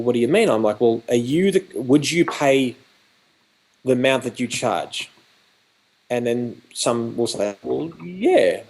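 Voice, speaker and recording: An Australian man speaks at a middling pitch in a chatty, storytelling way on a video call. He acts out little back-and-forth exchanges as he goes, like an educator walking someone through a lesson. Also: darkish tone. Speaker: photography educator. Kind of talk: animated conversational storytelling.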